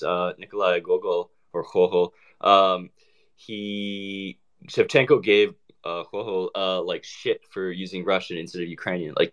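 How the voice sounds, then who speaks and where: A man talking casually in an online group chat, hesitant, with many fillers and restarts. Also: deep voice. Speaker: participant in an online audio chat.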